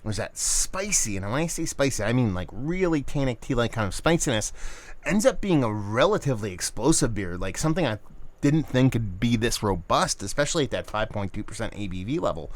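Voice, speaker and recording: A man reviewing beer for his channel in a relaxed, chatty way. He talks loosely and with enthusiasm, full of slang, at a middling pitch. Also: fairly quick. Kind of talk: casual video review.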